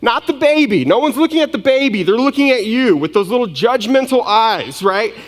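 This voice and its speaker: A young man preaching a sermon, telling a story in a casual, self-deprecating way with quick asides. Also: very high voice, animated. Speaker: pastor. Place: large church hall. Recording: long hall reverb.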